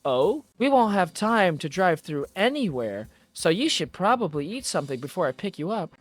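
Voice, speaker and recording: A man doing a bubbly mom leaving a voicemail in a put-on accent, pitched up over his own voice, loud and bouncy, swooping all over the place, sounding like a game character, dry close sound. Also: big pitch swings, normal speed, no room sound. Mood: gushing. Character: cheery motherly middle-aged woman on voicemail.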